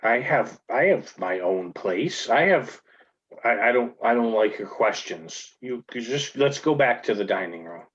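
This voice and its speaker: A man's voice: medium pitch, animated, a little slow, a bit bright. A man doing a stammering gingerbread servant. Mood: nervous. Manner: stammering, defensive. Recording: muffled lo-fi recording.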